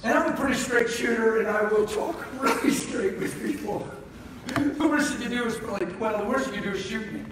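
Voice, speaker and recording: Casting: high-pitched man preaching a sermon story, noisy room tone. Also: normal speed. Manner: animated storytelling, rising to fervent shouts. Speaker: traveling preacher. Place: large hall with responding congregation. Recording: echoey hall from far off, noisy.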